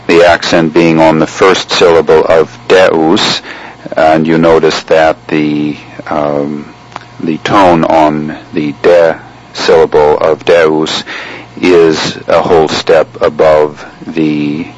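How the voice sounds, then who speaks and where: Male chant instructor, very low voice, slow and measured delivery, pausey. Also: level tone, lo-fi sound. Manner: measured, explanatory, with frequent pauses. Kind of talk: spoken lesson on chant.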